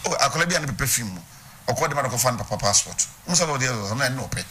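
A man's voice: mid-range voice, expressive, quick pace, bright, forceful tone, a little hiss or hum. A man with a Ghanaian accent preaching a sermon, teaching and putting questions to his congregation. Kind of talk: sermon mixing Twi and English. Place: church.

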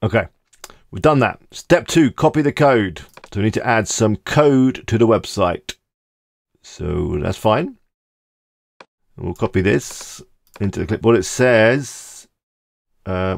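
A man hosting a screen-recorded software tutorial, talking casually and thinking aloud as he clicks through each step. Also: lowish voice, animated, normal speed, vocal fry, dry recording. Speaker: tutorial host.

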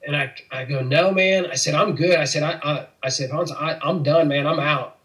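A man's voice: fairly high pitch, steady tone, normal speed, fairly bright tone, poor audio. A middle-aged man from Missouri, an interview guest, earnestly telling a personal faith testimony and acting out the voices of people in it. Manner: earnest storytelling, acts out quoted dialogue.

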